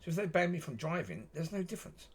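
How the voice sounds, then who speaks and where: A man rambles to camera in a loose monologue, circling back to the same points over and over. His voice is husky and sing-song, swinging widely in pitch, and he talks fast.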